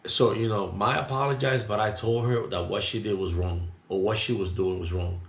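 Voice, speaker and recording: A middle-aged man telling a story in a rambling, indignant way, talking loud. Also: fairly low pitch, fairly even intonation, brisk, hardly any pauses. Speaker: vlogger. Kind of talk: casual monologue, recounting an incident. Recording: roomy echo.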